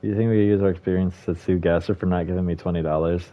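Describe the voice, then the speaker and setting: A man's voice: deep voice, fairly even intonation, very fast, narrow, tinny audio. A man doing casual let's-play commentary, rambling and joking with plenty of profanity. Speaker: streamer.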